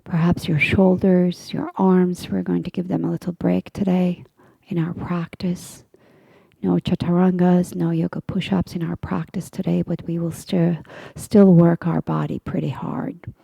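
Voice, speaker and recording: A woman teaching a guided yoga class, giving slow, soothing cues that often drop to a half-whisper. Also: fairly low pitch, little pitch movement, gravelly, dark tone, husky, no room sound.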